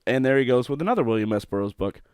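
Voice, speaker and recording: A young man talks into a close mic at home, swinging his pitch up and down as he tells a rough, profane story and breaks into laughter. The sound is dry and close, with no room echo. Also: animated, very fast, a little mellow. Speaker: podcast host. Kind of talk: solo podcast monologue.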